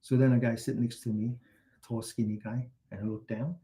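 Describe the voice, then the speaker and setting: A man with a warm, mellow voice guides a meditation class in a gentle, instructing way. He stretches out his breathing and posture cues slowly. Between exercises he drifts into relaxed, chatty storytelling. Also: medium pitch. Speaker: meditation teacher.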